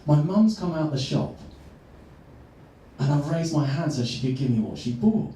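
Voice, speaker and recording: A man, a coach, telling a personal story earnestly and slowing down for emphasis. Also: on the high side, lively intonation, dark tone. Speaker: transformational coach. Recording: echoey room, far from mic.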